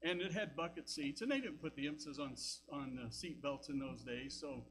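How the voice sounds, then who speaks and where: A man's voice: fairly high pitch, a little fast, rough recording. An older man with a Southern American accent, preaching a sermon as pastor, telling folksy stories with frequent asides. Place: church sanctuary.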